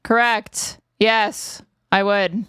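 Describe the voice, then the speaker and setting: Sarcastic woman with a smooth voice. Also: medium pitch, steady tone, extremely slow, a bit bright, dry recording, studio quality. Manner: sarcastic, combative retorts. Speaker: podcast co-host. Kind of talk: casual livestream commentary.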